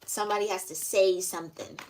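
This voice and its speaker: A woman's voice: mid-range voice, fairly even intonation, quick pace, darkish tone, slight background noise. A young woman giving a casual, rambling tarot reading, talking loosely with lots of fillers. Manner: chatty, filler-heavy, loose and conversational. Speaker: tarot reader.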